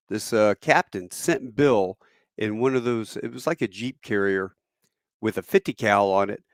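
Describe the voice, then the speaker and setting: A middle-aged man telling a veteran's war story in a casual, animated way, with many fillers, acting out the quotes. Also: fairly low pitch, no echo, clean studio sound.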